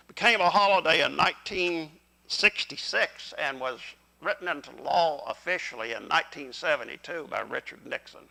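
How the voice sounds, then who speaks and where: Older pastor guy preaching, high bright voice, kinda gravelly, folksy, talks right at the congregation. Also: poor audio. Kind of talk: sermon. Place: church sanctuary.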